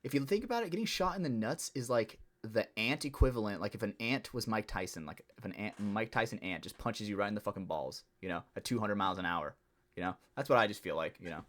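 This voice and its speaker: A man hosting a casual podcast, who jumps in with quick reactions and joking asides. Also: fairly low pitch, animated, a bit bright. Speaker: podcast host. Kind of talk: casual chat.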